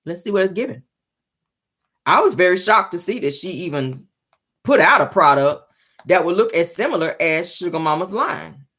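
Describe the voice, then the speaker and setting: A woman vlogger giving casual, sassy celebrity gossip commentary from her car. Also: medium pitch. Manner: sassy, animated, mocking impressions. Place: parked car. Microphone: phone or dashboard mic in a car.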